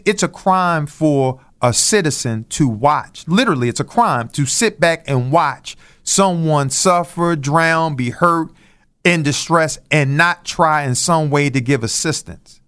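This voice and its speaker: A man co-hosting a talk show lays out his reasoning in a measured, reflective way. He builds the argument point by point. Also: on the high side, a bit bright. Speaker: co-host. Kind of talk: candid talk-show commentary.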